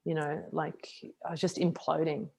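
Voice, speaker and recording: Low-voiced woman telling her story. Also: moderate pace, vocal fry. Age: middle-aged. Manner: frank, self-deprecating, animated retelling with acted quotes. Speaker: podcast guest, martial artist. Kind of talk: candid interview storytelling.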